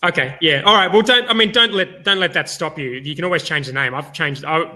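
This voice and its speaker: A male host with a bright, somewhat high voice runs a live online review session. His speech is hesitant and casual, full of restarts. He often stops to laugh. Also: a little fast.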